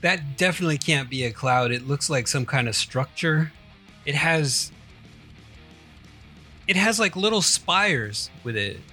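A man's voice: on the high side, expressive, a little slow, long pauses, sharp tone, soft background music. A man co-hosting a podcast, easygoing and laughing often in loose, swearing chat. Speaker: podcast co-host. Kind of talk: casual profane chat.

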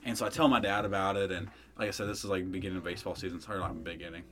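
A man's voice: sits low, steady tone, rapid-fire, fairly bright tone, soft background music. A young man hosting a podcast, telling a rambling, profane story in casual chat, full of fillers. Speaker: podcast host.

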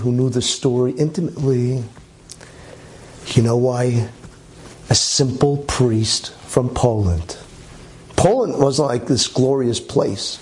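A man telling a religious story in a lively way, with chatty asides and many okays. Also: mid-range voice, a little hiss or hum. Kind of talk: animated storytelling talk.

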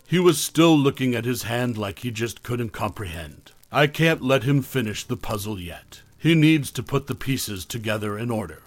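A man's voice: medium pitch, animated, moderate pace, few pauses, no echo. A man narrating a first-person horror story, cold and probing as he questions someone.

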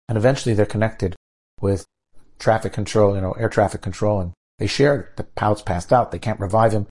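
A man, a rabbi, telling a story in a sermon, dramatizing the quoted lines in a lively way. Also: fairly low pitch, fairly quick, slightly rough.

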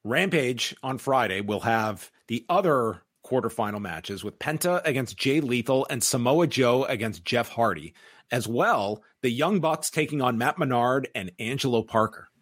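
A man's voice: mid-range voice, lively intonation, normal speed, a bit bright, no echo. Matter-of-fact man recapping, dry mic. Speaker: wrestling podcast host. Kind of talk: match recap and discussion.

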